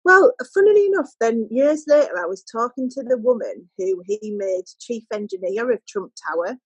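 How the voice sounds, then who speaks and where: A woman, a podcast guest telling a story in casual chat and quoting people in lively voices. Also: fairly high pitch, normal speed, slightly rough, dry recording, low-quality recording.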